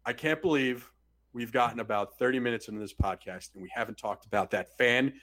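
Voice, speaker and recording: A man co-hosting a casual sports podcast and ranting in an animated, profane way. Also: medium pitch, fairly quick. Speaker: podcast co-host.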